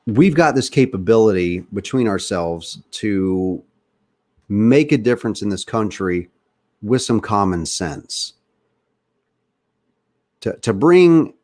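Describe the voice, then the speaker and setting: A man with a fairly low voice and a slight Southern US accent hosts a casual podcast. He talks earnestly and with firm opinions, addressing his listeners directly. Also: a little mellow. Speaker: podcast host. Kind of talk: casual political talk.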